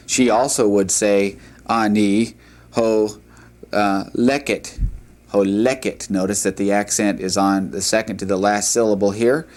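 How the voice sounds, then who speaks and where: Slow, low-voiced man teaching a language. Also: a little mellow. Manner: deliberate, repeats and models pronunciation. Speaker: Hebrew teacher. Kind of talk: slow classroom lecture.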